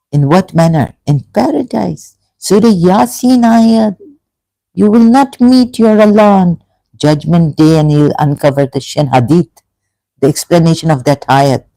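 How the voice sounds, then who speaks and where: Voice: mid-range voice, unhurried, long pauses, warm tone, dry recording, low-quality recording. A speaker giving an emotional, rambling monologue commentary with many restarts. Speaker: religion critic.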